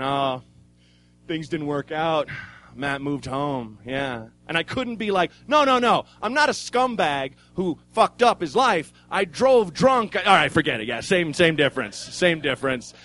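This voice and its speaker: A man's voice: a little high, fairly bright tone. A man doing stand-up in a comedy club, telling a rambling, self-mocking story with restarts and swearing. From Oregon, USA. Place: live comedy club stage.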